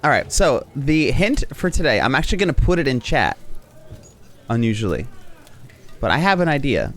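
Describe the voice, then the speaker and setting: Animated, laughing male streamer. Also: medium pitch, normal speed, faint music behind. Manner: animated, laughs often, rambling. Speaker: streamer playing a game. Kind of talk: casual gameplay commentary.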